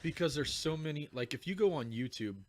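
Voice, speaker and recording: A man's voice: on the high side, animated, fairly quick. A man chatting casually on a podcast, blunt and profane, joking about his lawn care work. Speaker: lawn care worker, show regular. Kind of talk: casual chat.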